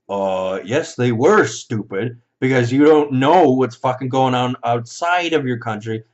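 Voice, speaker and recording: A man ranting in an angry, profane monologue, with sudden loud outbursts and mocking voices when he quotes others. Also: medium pitch, slow pace. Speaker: vlogger. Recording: dull lo-fi recording.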